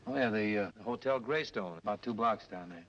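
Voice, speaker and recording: An actor playing an easygoing young cab driver and crooner, breezy and joking, in a 1930s film. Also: male voice, lowish voice, fairly quick, a bit bright, natural voice. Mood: helpful. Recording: dull old film soundtrack with hiss.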